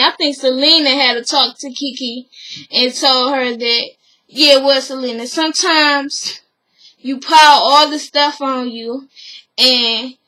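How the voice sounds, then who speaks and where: Woman vlogger, gossipy casual recap, high voice, bright and sharp, chatty and opinionated. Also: poor audio. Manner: chatty, opinionated, full of "you know" fillers.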